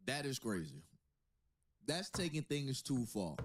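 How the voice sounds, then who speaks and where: Male podcast host, casual banter, incredulous joking, lively pitch. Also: measured pace, long pauses. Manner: incredulous, joking commentary with laughter.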